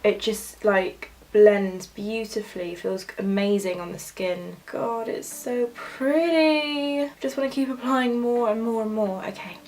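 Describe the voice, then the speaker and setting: A young woman gushing excitedly while talking through a makeup tutorial. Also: mid-range voice, normal speed, few pauses. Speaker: makeup vlogger. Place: home filming setup with ring light.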